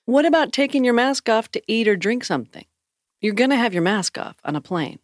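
A woman's voice: fairly high pitch, lively intonation, brisk, dry recording, clean studio sound. A woman co-hosting a podcast in casual chat, joking in a giggly, self-deprecating way. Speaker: podcast co-host.

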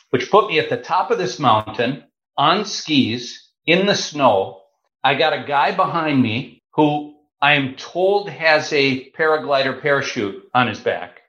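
This man in his fifties tells his story in an animated, chatty way, stopping for the odd filler as he goes. The recording is roomy and somewhat dull, as though taken in an open room with a lo-fi mic. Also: medium pitch. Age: 50s. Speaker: guest. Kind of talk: casual storytelling. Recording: roomy, slightly dull sound.

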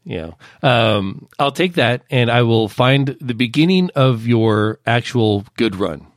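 A man working as an associate producer, calmly walking through his podcast editing process step by step in a casual chat. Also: mid-range voice, slow, no echo, clean studio sound. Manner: detailed, methodical step-by-step explaining.

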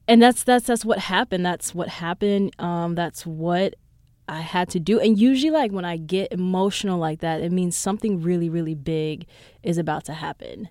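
A woman's voice: moderate pace, no echo. Chatty young woman podcaster, dry close mic. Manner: chatty, rambling, frequent "like" and "um"; animated, jumps up in pitch when retelling reactions. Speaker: podcast host. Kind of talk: casual solo podcast chat.

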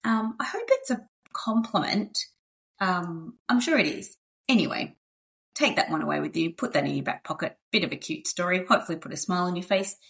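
Woman, podcast host, casual chat, upbeat, slightly low voice. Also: lively intonation, fairly quick, vocal fry, fairly bright tone. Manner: chatty, upbeat, filler-heavy.

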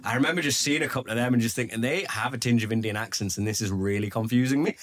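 Geordie man, stand-up comic as podcast guest, mid-pitched, lively anecdotes with acted-out voices. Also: rapid-fire. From Newcastle, England. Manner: animated storyteller, acts out quoted voices. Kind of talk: casual podcast chat.

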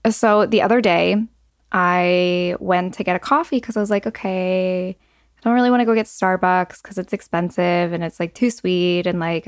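A young adult woman hosting a solo podcast, talking casually with lots of "like" and "um" fillers and quick asides. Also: lowish voice, no echo, clean studio sound. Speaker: podcast host.

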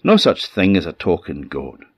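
A man's voice: low-pitched, wildly swooping pitch, normal speed, breathy edge, no echo, muffled recording, heavily acted. A man with a Scottish accent voicing a fussy, worried old woman, a woodcutter's wife. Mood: doubtful.

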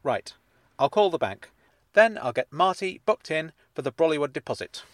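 A man voicing a courteous, measured man in a spoken-word story, a little formal. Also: a little high, very animated, no echo, studio quality, voice pushed up. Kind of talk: audiobook character dialogue.

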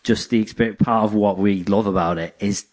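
A man's voice: fairly low pitch, moderate pace. A man, chatting casually as a podcast co-host and telling rambling stories. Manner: rambling, animated storytelling with acted quotes. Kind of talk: casual chat.

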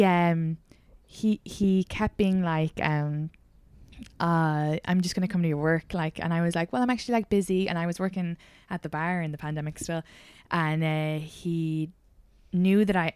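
An Irish woman in her young adult years, chatting on a podcast with a slightly low, smooth and resonant voice. She tells her stories bluntly, swears freely and leans into the telling. The sound is dry and close. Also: normal speed, dry recording. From Ireland. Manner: candid, swearing, animated storytelling. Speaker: podcast host. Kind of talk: casual chat.

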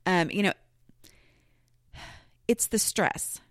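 A woman's voice: on the low side, drawn-out words, dry recording, clean studio sound. A woman hosting her own podcast, talking casually and rambling, with many fillers and restarts. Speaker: podcast host. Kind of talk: casual solo podcast talk.

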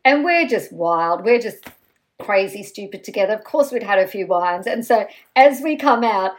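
A woman speaks as a podcast guest, mid-pitched, telling a tale at her own expense. Her delivery is lively and self-mocking, full of asides. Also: normal speed. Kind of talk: animated anecdote-telling.

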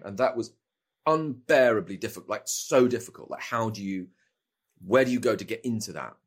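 A man, a voice actor, answering interview questions and telling anecdotes with lively acted-out asides. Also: low-pitched. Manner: animated storyteller, acts out quoted lines. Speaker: video game voice actor, guest.

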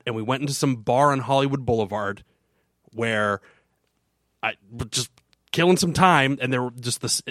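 A man in a casual podcast conversation, drifting through a long anecdote with restarts and "like"s. His voice sits at an ordinary middle pitch. The sound is dry and close, with no room echo. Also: fairly bright tone. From Florida. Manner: rambling storyteller, frequent restarts. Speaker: podcast co-host.

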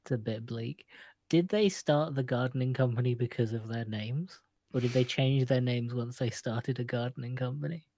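A woman's voice: a bass voice, normal speed, dark tone, no room sound. Woman, podcast co-host, casual rambling chat, laughs a lot, dry close recording. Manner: giggly, rambling, laughs often.

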